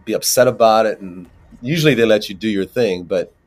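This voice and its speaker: A man with a fairly low voice talks about his acting work in a loose, rambling way. He restarts his sentences often and leans on fillers. His delivery turns animated as he warms up. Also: brisk. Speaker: actor guest. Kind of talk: casual interview talk.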